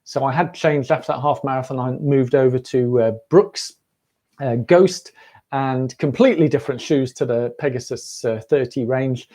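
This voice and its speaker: A man's voice: mid-range voice, moderate pace, warm tone. A middle-aged man hosting a casual livestream, chatty and jokey, talking straight to his viewers. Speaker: running channel host. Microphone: camera on a livestream.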